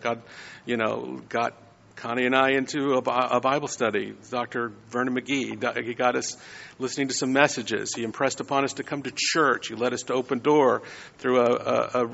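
A man's voice: mid-range voice, vocal fry, a bit bright, long reverb tail, muffled recording. A man giving a conversational sermon, often checking in with his listeners. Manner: conversational, frequent "right?" tags. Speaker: preacher.

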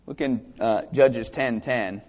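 A pastor preaching a sermon and reading scripture aloud, with earnest, halting restarts. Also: male voice, mid-range voice, darkish tone. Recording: echoey hall, dull lo-fi sound.

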